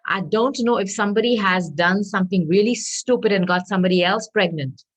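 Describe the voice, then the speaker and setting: Here a female tarot reader works through a spread, circling back over the same points and softening them with hedges, her throat clearing more as she starts losing her voice. She sounds mid-range and brisk on a low-quality recording.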